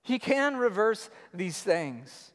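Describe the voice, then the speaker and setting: High-voiced man preaching in a hall. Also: slow pace. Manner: animated preaching, shifting between loud emphasis and low murmurs. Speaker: pastor. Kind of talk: sermon. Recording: long hall reverb.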